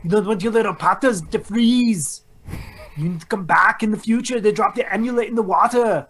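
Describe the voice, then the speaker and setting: A man's voice: high voice, fairly quick, a bit bright, husky, voice pushed up. A man doing a goofy, rambling impression of a lovesick young hero from a shipwreck movie. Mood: mock dramatic.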